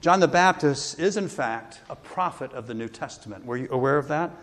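A male pastor delivers a sermon with earnest conviction, his mid-pitched voice lifting as he quotes scripture. His words ring out with a long reverb, as in a large church sanctuary. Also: expressive, a little fast, fairly bright tone. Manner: earnest preaching, quoting scripture with rising emphasis.

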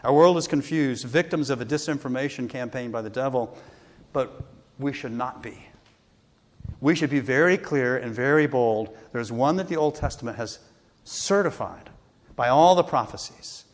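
A man's voice: mid-range voice, normal speed. Male pastor, mid-range voice, earnest sermon delivery with scripture quotes, long church-hall reverb. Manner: earnest preaching, quoting scripture with rising emphasis.

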